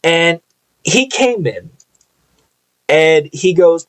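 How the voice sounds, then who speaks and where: A young man hosts a live podcast and talks casually. He tells stories bluntly and swears now and then. His pitch swings widely and keeps the telling lively. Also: moderate pace, poor audio. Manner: animated, blunt storyteller who swears casually. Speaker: podcast host.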